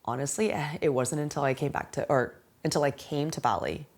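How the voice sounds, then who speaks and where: Woman, 40s, low voice; candid, emotional interview talk, quick to laugh. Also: darkish tone. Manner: emotional, laughing often, lots of "like" and "right?". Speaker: amateur Muay Thai fighter.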